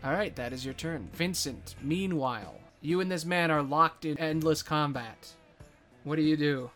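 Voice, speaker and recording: A man narrating as game master of a tabletop game, casual with dramatic pauses. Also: a little high, over music.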